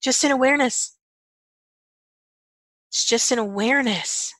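A woman's voice: high-pitched, measured pace, fairly bright tone, dry recording, poor audio. A woman leading a guided self-help talk. She uses chant-like repeated phrases and a conversational style that often checks in with "okay" and "right.". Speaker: energy-clearing facilitator.

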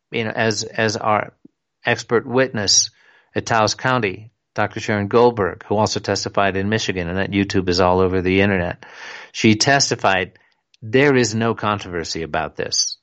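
Man, radio talk host, low voice, dull lo-fi sound, rambling delivery. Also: fairly bright tone. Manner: rambling, many fillers, reads articles aloud.

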